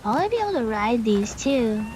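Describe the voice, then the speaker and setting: A woman's voice: on the high side, very animated, moderate pace, darkish tone, a little hiss or hum. A woman game streamer rambling casually and sarcastically as she plays. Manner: rambling and sarcastic, full of fillers. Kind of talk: casual chat while playing. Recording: game music playing behind her.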